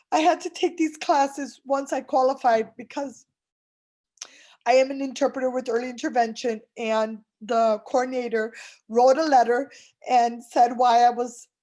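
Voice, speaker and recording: A woman's voice: sits high, fairly even intonation, measured pace, a little mellow. A middle-aged woman giving an earnest personal testimonial, retelling conversations with fillers and restarts. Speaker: program client giving a testimonial.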